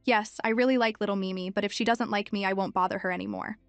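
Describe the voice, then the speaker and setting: A woman's voice: medium pitch, fairly even intonation, quick pace, no room sound, soft background music, natural voice. A woman voicing a spiteful little girl who puts on a syrupy sweet, mocking manner. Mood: whimpering.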